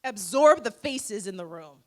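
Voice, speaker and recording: A dentist in her forties delivers an emphatic, rhetorical motivational speech at a gala, using dramatic pauses. Her mid-range voice is animated, and the setting is a gala event room.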